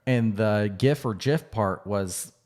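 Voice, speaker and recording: A man's voice: fairly low pitch, slow pace, darkish tone. A man co-hosting a podcast in a casual, conversational way, with fillers and restarts. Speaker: podcast co-host.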